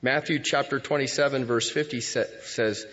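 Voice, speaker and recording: A man preaching a sermon as pastor in a church, moving between hushed lines and loud cries. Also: medium pitch, fairly even intonation, moderate pace. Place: church sanctuary. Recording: dull sound with long hall reverb.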